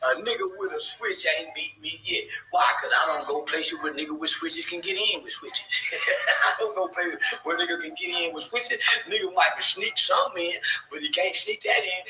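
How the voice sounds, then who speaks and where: Rowdy guy spinning a story, cussing and laughing, high bright voice bouncing all over, shouts a lot, echoey room. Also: a little hiss or hum. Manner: boisterous, profane, often laughing; bursts into shouting. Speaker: podcast guest. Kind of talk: animated storytelling.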